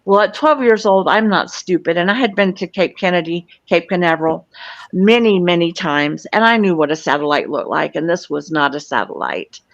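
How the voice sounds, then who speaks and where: A woman's voice: lowish voice, lively intonation, normal speed, no echo. A woman in her sixties from Florida, a guest recounting a personal experience in an earnest, matter-of-fact way. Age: 60s. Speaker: guest, UFO field investigator. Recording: dull lo-fi, dry.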